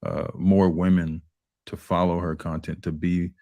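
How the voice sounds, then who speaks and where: A male panelist with a very deep voice presses his questions, pausing and restarting as he probes. The sound is dry and close. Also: flat delivery, dark tone, dry recording. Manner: probing, questioning, halting. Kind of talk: live panel discussion.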